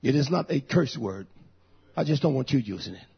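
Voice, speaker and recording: A man in his fifties preaching a fiery sermon, breaking into shouts. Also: medium pitch, expressive, a little fast, gravelly, slightly rough. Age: 50s. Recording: dull lo-fi recording.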